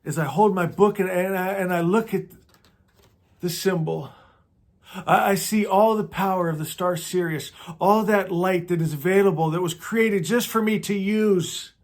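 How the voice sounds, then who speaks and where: A man leading a guided prayer and spiritual teaching, meditative and slow, often repeating words and trailing off softly. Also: high voice.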